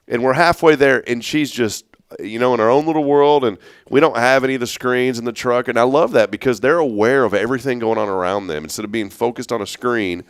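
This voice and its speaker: A young father co-hosting a talk show, telling warm stories about his small children and imitating what his daughter says. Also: medium pitch, clear, resonant tone, no room sound, studio quality. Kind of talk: casual chat, telling family stories.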